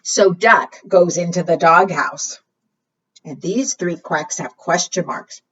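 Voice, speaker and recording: A woman librarian reading a picture book to preschool children, animated, asking them questions and singing along. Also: on the low side, slow, slightly rough. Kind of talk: preschool storytime read-aloud. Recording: distant, dull lo-fi sound.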